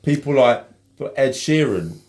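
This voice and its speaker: A man's voice: medium pitch, expressive, measured pace, darkish tone. A man with a Cockney accent co-hosting a casual chat, telling a story in a laid-back way and tacking "right?" onto his lines. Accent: London Cockney. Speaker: co-host.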